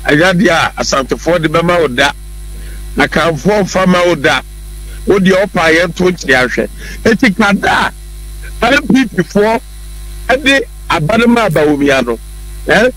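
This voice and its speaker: A Ghanaian talk-show guest argues his political views forcefully, going over the same points again and mixing in English. He speaks at a moderate pace with long pauses, his fairly bright, higher voice carrying lively intonation. Audio quality is poor.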